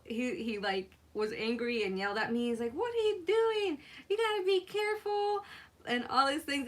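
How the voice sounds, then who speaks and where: A woman's voice: on the high side, fairly bright tone. A woman with a slightly raised voice hosts a live crafting session. She chats easily with her viewers as she works and breaks into giggles often. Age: adult mother. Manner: giggly, laughs often between remarks; chats with viewers while working. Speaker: craft livestream host. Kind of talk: casual chatty craft demo.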